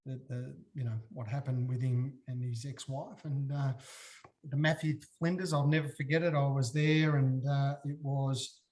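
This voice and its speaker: A middle-aged Australian man, a former footballer, telling stories as a guest in a casual chat, acting out quotes with big jumps in his voice. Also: moderate pace. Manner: animated, acts out quotes with big pitch jumps. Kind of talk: casual storytelling.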